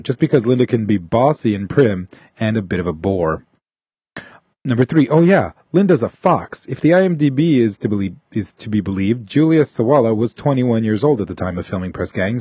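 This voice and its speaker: A man's voice: mid-range voice, warm tone, husky, no room sound. A male podcast host reading listener emails aloud, adding wry asides.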